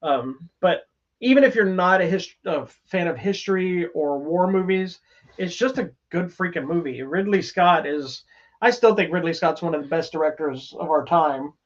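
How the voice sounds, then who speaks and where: On a podcast reviewing films, a co-host with a voice on the high side chats casually and eagerly at a moderate pace, rambling and restarting. The audio is lo-fi and slightly dull.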